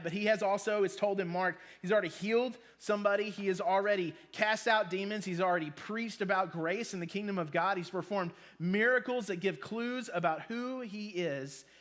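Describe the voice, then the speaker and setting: Man in his thirties, casual youth preacher, high voice, chatty and joking. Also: fairly bright tone. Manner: casual, joking, with many ums. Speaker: youth pastor. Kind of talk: sermon to students.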